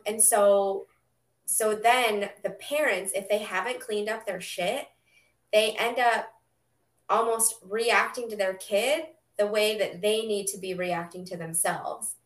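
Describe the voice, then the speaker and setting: A woman on a podcast calmly explaining how parents pass their trauma on to their kids. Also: medium pitch, takes it slowly, far from the mic. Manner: reflective, explanatory. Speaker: podcast co-host, therapist. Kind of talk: casual podcast chat. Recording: echoey room, away from the mic.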